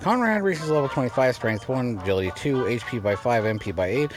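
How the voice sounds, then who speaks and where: A man's voice: medium pitch, lively intonation, fairly quick. A man giving casual let's-play commentary over his game, rambling and often restarting his sentences. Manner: rambling, repeats and restarts himself. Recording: game music audible underneath. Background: game music.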